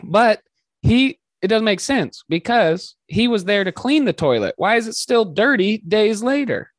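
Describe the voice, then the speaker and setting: A young man chats on a podcast, keen and profane, and often cuts in over the others. His voice sits a little high, and the sound is dry and close. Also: very animated, unhurried, no room sound. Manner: enthusiastic, profane, jumps in often. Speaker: podcast co-host. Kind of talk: casual chat.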